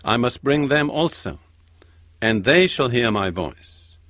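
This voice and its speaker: A man preaching a sermon, reading scripture slowly and with emphasis. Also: mid-range voice, animated, fairly bright tone, no echo.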